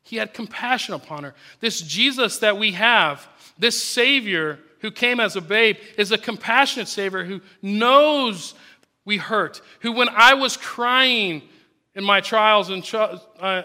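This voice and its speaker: A man's voice: high voice, bright, forceful tone. A man preaching a sermon, reading scripture verses aloud and explaining them earnestly.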